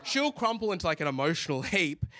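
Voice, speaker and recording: A young man in his twenties doing stand-up comedy, telling stories in a conversational way with quick asides. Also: fairly high pitch, big pitch swings, heavy background noise. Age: 20s. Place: living room.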